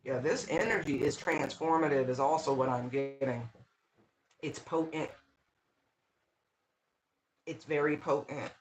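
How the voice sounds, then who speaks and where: A tarot reader giving a casual channeled reading, talking straight to the viewer with lively exclamations, repeated words and frequent "right?" checks. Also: mid-range voice, unhurried, long pauses, rough recording. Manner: talks straight to the viewer, often asking "right?".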